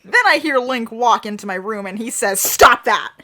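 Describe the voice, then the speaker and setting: Woman podcast co-host, over-the-top fan fiction reading, giggly, bright voice, a little high. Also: expressive, brisk.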